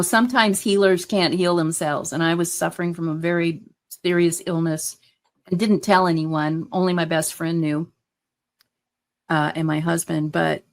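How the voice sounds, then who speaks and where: A woman with a fairly low voice speaks as a guest in a relaxed interview. She talks earnestly and with enthusiasm, filling her sentences with small fillers. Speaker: guest, hypnotherapist. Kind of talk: casual interview chat.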